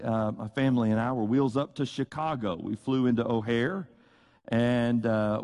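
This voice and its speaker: A middle-aged Southern preacher from Tennessee delivers a sermon in an earnest, conversational way. His voice sits at an ordinary male pitch, and he breaks into folksy sayings and little acted-out exchanges. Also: a little mellow.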